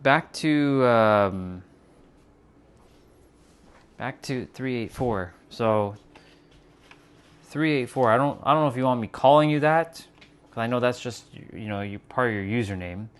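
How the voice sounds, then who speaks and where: A man's voice: medium pitch, unhurried, long pauses, clean tone. A man hosting a livestream, talking casually and reflectively to his chat about spiritual ideas while cooking in his kitchen, with fillers and restarts. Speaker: livestream host. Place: home kitchen.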